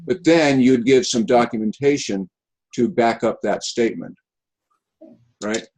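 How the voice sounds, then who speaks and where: Guy teaching over a video call, lots of uh and restarts, halting. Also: mid-range voice, animated, gravelly, darkish tone, low-quality recording. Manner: halting, with many restarts and fillers. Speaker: instructor. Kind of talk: online class feedback session.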